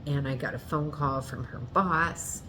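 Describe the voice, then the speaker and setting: A woman with a low, deep voice tells a painful personal story, unhurried and deliberate. She speaks earnestly and haltingly, often stopping to restart or correct herself. A faint hiss sits under her voice. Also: steady tone. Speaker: vlogger telling a personal story.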